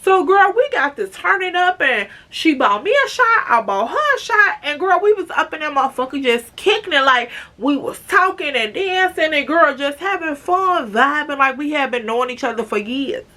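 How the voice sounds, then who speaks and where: A woman in her twenties from Chicago telling an animated, slangy storytime to her viewers. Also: high voice, moderate pace, hardly any pauses. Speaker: vlogger. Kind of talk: storytime vlog.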